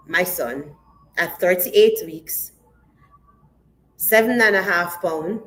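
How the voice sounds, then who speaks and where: A woman's voice: low voice, a little hiss or hum, poor audio. Woman pastor telling an emotional testimony. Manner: emotional, vivid storytelling that re-enacts dialogue. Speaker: pastor and interview guest. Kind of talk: personal testimony in an interview.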